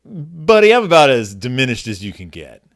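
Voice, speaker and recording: A man's voice: mid-range voice, very animated, moderate pace. A middle-aged man hosting a podcast, reading a children's book aloud with wry, self-deprecating commentary and mumbled asides. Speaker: podcast host.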